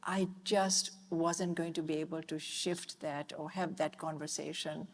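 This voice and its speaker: A woman panelist giving a reflective, measured answer with some hesitation. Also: deep voice, fairly even intonation. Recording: reverberant conference hall.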